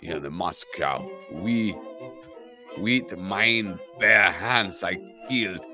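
A man's voice: sits low, extremely slow, music in the background. A man doing a put-on Russian accent as a menacing brute legionnaire. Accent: put-on Russian, slipping toward French.

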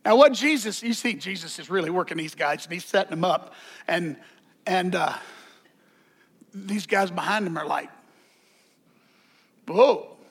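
A man's voice: high-pitched, moderate pace, a bit bright, breathy edge. A man preaching a sermon as pastor, conversational, with joking asides and repeated words.

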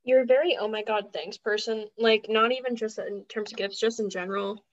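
A woman's voice: a little high, fairly even intonation, a little fast, no room sound. A young woman co-hosting a podcast, chatting casually and playfully teasing her co-host. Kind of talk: casual chat. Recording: muffled lo-fi podcast audio.

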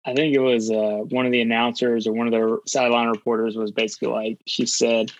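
A man's voice: medium pitch, level tone, fast talker, hardly any pauses, a little hiss or hum. A man co-hosting a casual podcast, telling a story in a rambling way and groping for words. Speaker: podcast co-host. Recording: dull lo-fi audio.

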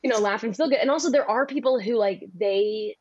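A woman's voice: fairly high pitch, fairly quick. Chatty young woman comedian, lo-fi sound. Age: young adult. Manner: rambling, animated, full of voices and laughter. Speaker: comedian guest. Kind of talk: casual podcast chat.

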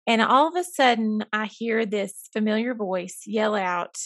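A woman's voice: medium pitch, measured pace, a bit bright, no echo. A woman with a Southern US accent, a school counselor co-hosting a podcast, telling stories in a chatty way with folksy phrases. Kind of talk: casual chat.

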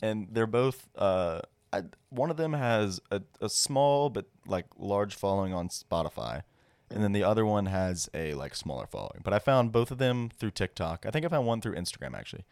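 Young man, low voice, casual podcast co-host, dry close sound. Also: normal speed, no echo. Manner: rambling, relaxed, laughs often.

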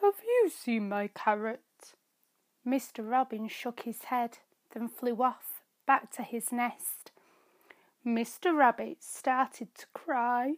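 A woman reading her own children's story aloud, slow, gentle and clear. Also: on the high side, no echo. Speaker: storyteller and author.

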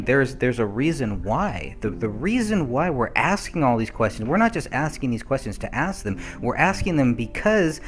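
A man co-hosting a true-crime podcast, talking earnestly and emphatically, often repeating words as he starts a thought. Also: medium pitch. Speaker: podcast co-host. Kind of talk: earnest discussion.

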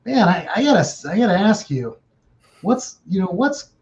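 A man voicing a blunt, gruff male business mentor who talks with salty language. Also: high-pitched, big pitch swings, moderate pace, a little mellow, dull audio, pitched above the performer's own voice.

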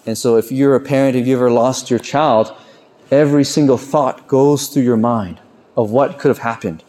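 A man preaching a sermon in an earnest way, lifting his voice on questions and slowing down, soft and low, on key lines. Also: fairly even intonation.

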